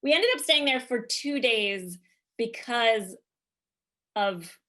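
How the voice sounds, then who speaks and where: A woman's voice: a little high, lively intonation, takes it slowly, sharp tone. A woman, a podcast guest, telling a rambling comic travel story in a chatty way, full of fillers.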